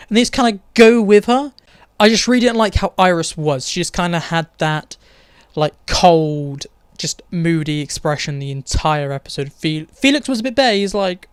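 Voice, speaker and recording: Blunt, high-voiced reviewer. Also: male voice, lively intonation, fairly quick, clear, resonant tone, no room sound, clean studio sound. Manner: blunt, opinionated and sarcastic. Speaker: TV show reviewer. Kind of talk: casual video review.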